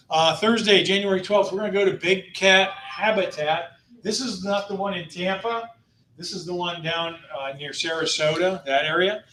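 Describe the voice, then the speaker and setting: A man's voice: a little high, sharp tone, a little hiss or hum. A man in his fifties hosting a travel club meeting, announcing upcoming trips in a jokey, upbeat way and laughing between items. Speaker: tour company host. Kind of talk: casual club presentation. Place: meeting room. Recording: echoey room from far off.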